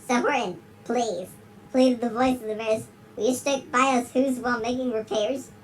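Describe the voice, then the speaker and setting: The voice is medium-pitched, steady and close to everyday speech, at normal speed. It belongs to a performer playing a giggly big-lipped alligator who gives a dramatic rhyming story reading, constantly breaking into giggles. Audio is poor, with slight background noise.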